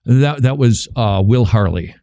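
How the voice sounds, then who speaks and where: A man's voice: medium pitch, a little slow, clear, resonant tone, dry recording. A middle-aged man hosting a casual commentary show, joking wryly about church signs and sermons. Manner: wry, joking, animated. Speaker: radio host.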